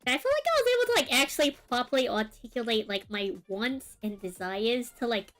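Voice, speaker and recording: Her pitch swings widely as this young woman, an art streamer, chats while she draws, wandering through a lengthy personal tale with plenty of fillers and asides. The voice is a little high and a bit bright, the pace slightly fast, and soft music sits behind her.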